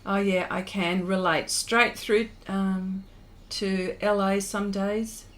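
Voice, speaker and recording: A woman's voice: medium pitch, little pitch movement, takes it slowly, a bit bright. A middle-aged Australian woman hosting an art livestream, chatting casually and laughing often while reading out viewer comments.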